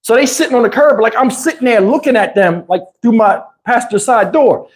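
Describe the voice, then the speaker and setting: A man telling stories on his live stream, in a casual, animated way with crude slang and frequent laughter, through a lapel mic. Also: extremely high pitch, a little fast. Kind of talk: casual anecdotal storytelling. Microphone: wireless lapel mic.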